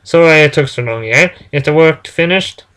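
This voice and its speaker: A man's voice: a little high, normal speed, fairly bright tone, close to an everyday voice. A man voicing a strict, fussy male lab supervisor who nags and checks the work. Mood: stern. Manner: stern, nagging.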